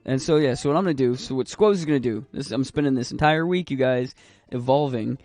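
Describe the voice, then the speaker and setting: A man's voice: medium pitch, fast talker, a little mellow, soft background music. A young man streaming a video game, chatting casually and rambling, swearing freely. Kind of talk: casual gaming stream chat.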